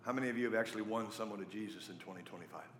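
A man's voice: fairly low pitch, racing, slight background noise. Man, middle-aged, pastor, sermon, storytelling, roomy echo. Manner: storytelling, animated, jokey asides.

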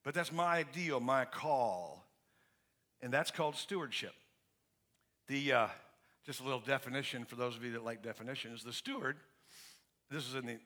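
In a medium-pitched, pushed and bright voice, a man preaches a sermon as pastor. His delivery is emphatic and conversational, with frequent restarts and questions he leaves for the congregation to complete.

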